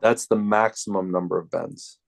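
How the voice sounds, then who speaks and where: Low gravelly male math tutor. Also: moderate pace. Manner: relaxed, explains step by step. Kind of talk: casual tutoring session.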